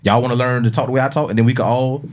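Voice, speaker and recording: A man's voice: medium pitch, steady tone, racing. A man co-hosting a podcast, talking casually and animatedly, asking questions and mimicking voices. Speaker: podcast co-host. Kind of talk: casual chat.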